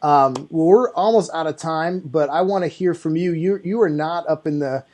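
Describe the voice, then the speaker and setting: A man's voice: a little high, moderate pace, darkish tone. A man hosting an interview, easygoing and affirming in a chatty way. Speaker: podcast host. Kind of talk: casual interview chat.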